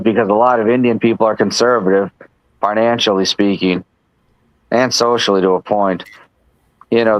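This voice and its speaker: A man's voice: mid-range voice, fairly bright tone, dry recording, muffled recording. Rambling male host, dry sound. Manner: rambling, with frequent restarts and asides. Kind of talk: casual political chat. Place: live stream, remote.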